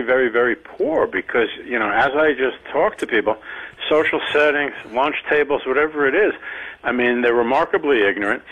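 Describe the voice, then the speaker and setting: A man co-hosting talk radio, calm and measured as he lays out his views. His voice sounds somewhat muffled, as if coming through a lo-fi line. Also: medium pitch. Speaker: radio co-host.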